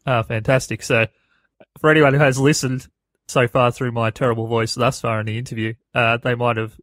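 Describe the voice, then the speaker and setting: A man hosts a podcast interview, asking earnest, measured questions. His voice is a bit off today and stays flat in pitch. The sound is close and dry, with no room in it. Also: dry recording. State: slightly unhealthy voice. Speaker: podcast host.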